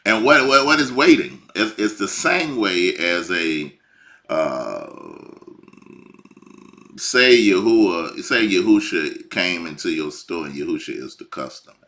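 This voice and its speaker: Animated preaching man, hushed to shouting. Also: low-pitched, a little slow. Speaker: bible teacher. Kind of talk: informal preaching.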